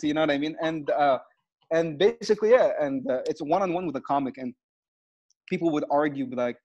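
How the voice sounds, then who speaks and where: A man's voice: fairly high pitch, fairly quick. A man from Egypt, a comedian, chatting in an interview and acting out his stage routine with lots of swearing. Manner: animated storyteller, acts out his stage bits, swears freely. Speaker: comedian guest. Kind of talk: casual interview chat. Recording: muffled lo-fi video call audio.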